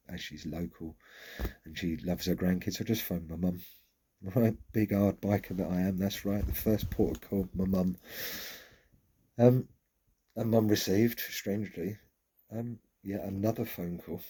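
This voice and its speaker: Low, husky man, frankly telling his story. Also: steady tone, moderate pace, mellow. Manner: frank and candid, swears casually. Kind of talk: personal storytelling vlog.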